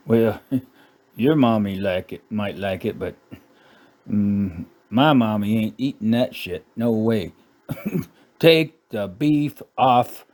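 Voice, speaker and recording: A man's voice: on the low side, warm tone. A middle-aged man ranting sarcastically about a menu, cursing and laughing at his own jokes. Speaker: channel host. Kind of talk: casual ranting commentary.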